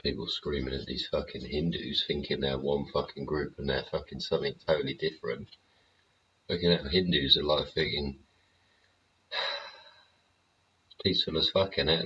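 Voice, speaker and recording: A man's voice: extremely low pitch, bright, forceful tone, a little hiss or hum. A man hosting his show in a casual, rambling rant, swearing freely and tossing in tag questions. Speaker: show host. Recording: dull lo-fi recording.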